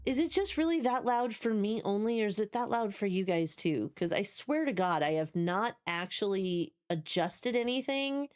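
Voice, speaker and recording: A woman's voice: mid-range voice, animated, normal speed, hardly any pauses, darkish tone. Chatty New Jersey woman streamer. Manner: chatty, swears, talks to chat, restarts often. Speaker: game streamer. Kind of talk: casual live stream chat.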